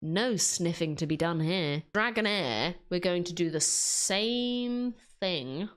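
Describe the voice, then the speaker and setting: A woman's voice: on the low side, lively intonation, takes it slowly. A woman chatting casually to herself as she draws, in a self-mocking, rambling way. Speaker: artist and video creator. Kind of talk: casual commentary while drawing.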